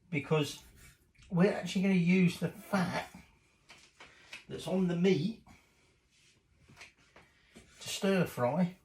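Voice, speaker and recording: Here the middle-aged host's voice is a little high, gravelly and darkish, captured in an echoey room with poor audio. Cooking at home, he chats in a rambling vlog style, dropping mild swear words.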